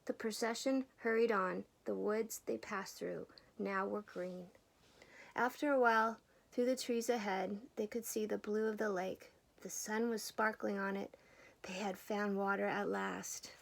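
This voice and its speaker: A woman reading a children's picture book aloud at a gentle pace, slipping into a whisper at times. Her voice has a gravelly, fry-laced grain. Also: medium pitch, fairly even intonation, unhurried. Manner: gentle, often drops to a whisper. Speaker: storyteller.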